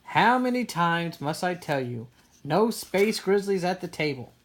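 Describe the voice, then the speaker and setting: A woman voicing a gentle, patient mother bear in a storybook reading, explaining calmly. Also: fairly low pitch, unhurried. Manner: soothing, explaining.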